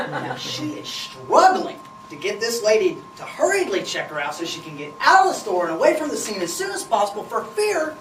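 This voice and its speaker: A woman telling a funny story, laughing as she goes. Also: mid-range voice. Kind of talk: humorous spoken storytelling. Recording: roomy, distant, noisy.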